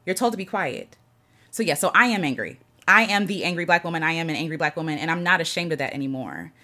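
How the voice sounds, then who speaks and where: A woman's voice: sits low, animated, fast talker. A woman hosting an impromptu livestream from her home, chatting casually, reading viewer comments aloud and greeting people as they join. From United States. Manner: earnest, reads out viewer comments and greets them warmly. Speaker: livestream host.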